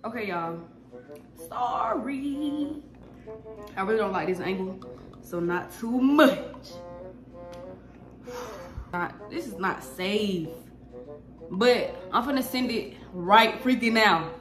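A teenage girl talking casually to camera in a slangy, excitable, nervous ramble. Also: medium pitch, slow, pauses often. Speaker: vlogger. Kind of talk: casual vlog chat to camera. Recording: echoey room with music behind. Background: music.

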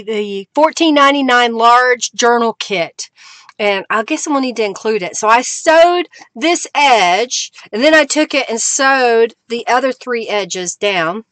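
A woman's voice: fairly high pitch, a bit bright, dry recording. A woman hosting a live crafting stream, chatting casually as she works and greets viewers. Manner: chatty, reads out viewer comments with bursts of cheer. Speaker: crafting livestream host.

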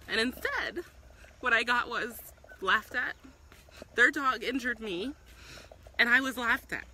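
A woman's voice: fairly high pitch, expressive, unhurried, pauses often, pushed and bright, slight background noise, poor audio. A woman talking passionately on a live stream outdoors, with frequent ums and restarts. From South Africa. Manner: earnest and passionate, with many ums and self-restarts. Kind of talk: casual live-stream commentary. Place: outdoors in a public spot.

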